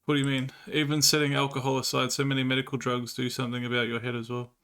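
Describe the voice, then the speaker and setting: Guy streaming and shooting the breeze, crude jokey stories, bright voice. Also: medium pitch, completely flat delivery, fast talker. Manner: crude, laughing storytelling. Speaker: livestreamer. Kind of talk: casual livestream chat, reading chat.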